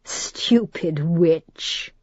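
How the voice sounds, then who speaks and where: Woman putting on a refined male demon, purring and sneering, slow and menacing, slightly muffled audiobook sound. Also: low-pitched, darkish tone, no room sound, exaggerated voice. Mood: mocking. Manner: clear, precise accent, purring and sneering. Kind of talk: audiobook character voice.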